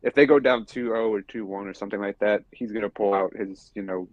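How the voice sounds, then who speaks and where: A man's voice: fairly low pitch, fairly even intonation, fairly quick, dry recording, muffled recording. A man co-hosting a sports podcast, rambling with many fillers. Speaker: podcast co-host. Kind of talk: casual sports talk.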